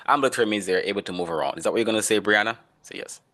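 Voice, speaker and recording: A man with a low voice leads an online lesson. He talks in a relaxed, conversational way and stops often to quiz students by name. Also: very fast. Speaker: instructor. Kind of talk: online class lecture.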